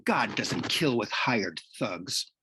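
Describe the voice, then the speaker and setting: A man voicing a fierce, devout teenage boy who answers a bully with forceful defiance. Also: lowish voice, very animated, takes it slowly, background noise. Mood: defiant.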